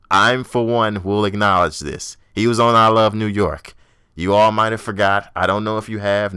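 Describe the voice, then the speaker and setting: A man's voice: low voice, bright, forceful tone, clean tone, no room sound, studio quality. A young man hosting a podcast, giving a blunt, profane, ranting review and mocking people in exaggerated voices. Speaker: podcast host. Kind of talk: casual solo wrestling review.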